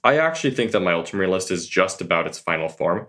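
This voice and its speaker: Male guest, very low voice, earnest and thoughtful interview answers. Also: animated, fast talker, fairly bright tone. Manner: thoughtful, earnest, with many fillers and restarts. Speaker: guest tabletop tournament player. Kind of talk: casual podcast interview answers.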